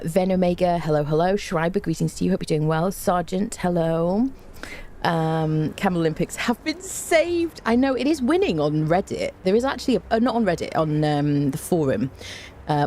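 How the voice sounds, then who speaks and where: A woman's voice: fairly low pitch, mellow, slight background noise. A tired woman game streamer in casual live-stream chat, bubbly and chatty as she greets her viewers one by one with repeated hellos.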